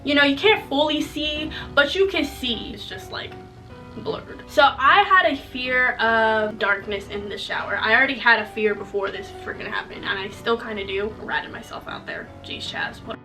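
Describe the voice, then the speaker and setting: Brief: young female vlogger, bright and slightly high, chatty jokey storytelling, mic a bit distant. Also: moderate pace, soft background music. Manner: chatty, joking, says "okay?" often. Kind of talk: casual storytelling to viewers.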